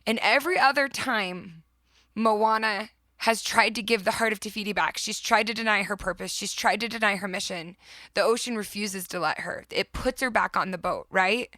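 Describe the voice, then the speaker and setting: A woman's voice: mid-range voice, moderate pace, pushed and bright, dry recording. A woman hosting a podcast, retelling a story with heartfelt enthusiasm in a casual, reflective way. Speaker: podcast host.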